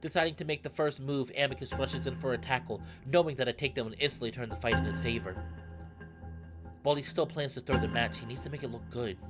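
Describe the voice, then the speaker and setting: Man narrating a visual novel. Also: quick pace. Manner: steady narration with excited high-pitched asides. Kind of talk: reading a visual novel aloud. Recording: narration over loud game music. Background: background music.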